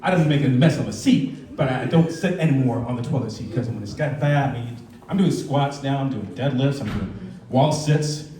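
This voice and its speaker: Performing stand-up at a comedy club, a man in his thirties keeps a moderate pace in a medium-pitched, dark voice. The set is casual and conversational, with character voices and audience laughter, captured with a distant, roomy sound.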